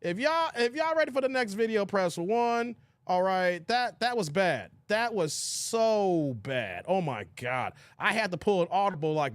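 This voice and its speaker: A man hosting a casual reaction livestream, animated and exclamatory, talking straight to his chat. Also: high voice, measured pace, few pauses, no echo.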